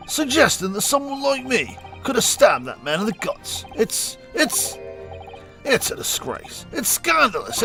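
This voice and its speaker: A man voicing blustering, indignant gentlemen witnesses in a video game, loud and spluttering. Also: high-pitched, gravelly, pitched above the performer's own voice, heavily acted.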